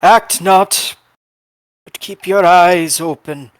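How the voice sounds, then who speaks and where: Slow-talking man playing a tabletop game. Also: high voice, fairly even intonation, clear, resonant tone, no echo. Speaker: player.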